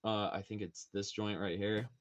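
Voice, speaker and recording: A man as a podcast guest in casual chat, animated and profane, laughing often. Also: on the low side, moderate pace.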